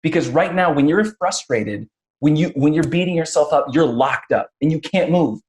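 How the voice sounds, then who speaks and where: A man's voice: on the high side, expressive, moderate pace, a little mellow. A man hosting a conversational interview, telling stories with frequent restarts and acting out quotes. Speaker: podcast host.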